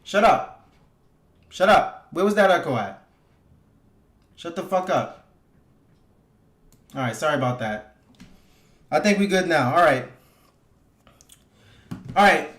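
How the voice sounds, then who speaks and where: A man's voice: a little high, expressive, slow, long pauses, fairly bright tone. A man hosting a casual livestream, talking loosely and profanely with his viewers and hyping them up. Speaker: livestream host. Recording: echoey room.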